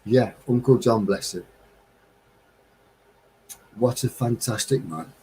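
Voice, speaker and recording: A man's voice: mid-range voice, slow, warm tone, slight background noise, rough recording. A middle-aged man from England hosting a live stream, musing in a heartfelt, rambling, wistful way. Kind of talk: reflective casual monologue.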